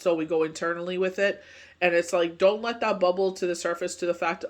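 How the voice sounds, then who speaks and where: A woman doing a casual, rambling tarot card reading, full of filler phrases and asides. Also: fairly low pitch. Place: speaking from Canada.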